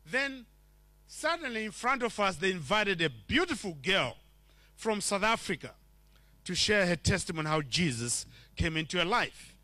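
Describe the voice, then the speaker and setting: Male preacher from Zimbabwe, high and bright, dry close sound, storytelling testimony. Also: very animated, normal speed, no room sound. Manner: storytelling, acts out quoted lines. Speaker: preacher sharing his testimony. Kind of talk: testimony sermon. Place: church.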